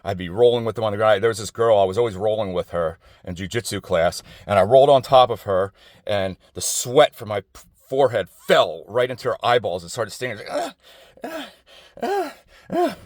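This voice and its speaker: A middle-aged man rambles through a personal monologue outdoors, circling back on himself and swearing freely. His voice sits low, and the sound is dry, with little echo around it. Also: brisk. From New Jersey. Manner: rambling, digressive and profane, with many restarts. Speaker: vlogger. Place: outdoors outside an office building.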